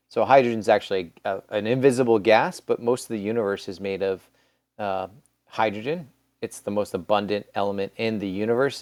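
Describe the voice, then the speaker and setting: A man with a lowish, smooth and resonant voice gives a recorded science lesson. He talks casually and rambles, restarting phrases and filling gaps with ums. The sound is dry and close. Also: a little mellow, no room sound. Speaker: teacher. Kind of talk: recorded classroom lecture.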